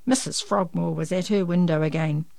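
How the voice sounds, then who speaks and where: A woman reading a children's picture book aloud in an expressive, lively storytelling manner. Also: lowish voice, normal speed, vocal fry, no room sound.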